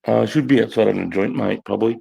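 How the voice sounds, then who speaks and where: Gravelly, swearing man telling stories. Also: lowish voice, fast talker, dark tone, low-quality recording. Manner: rambling, swears constantly, keeps saying mate and bro. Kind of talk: casual storytelling chat.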